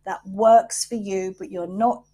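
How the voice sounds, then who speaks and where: A woman's voice: medium pitch, steady tone, a little slow, dark tone, a little hiss or hum. Frank, swearing middle-aged woman. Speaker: podcast host. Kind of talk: candid wellbeing monologue.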